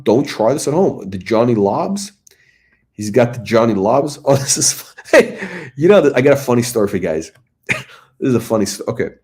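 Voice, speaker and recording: Chatty middle-aged man, low and lively. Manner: rambling, chatty, searching for words. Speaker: watch review host. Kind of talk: casual commentary and storytelling.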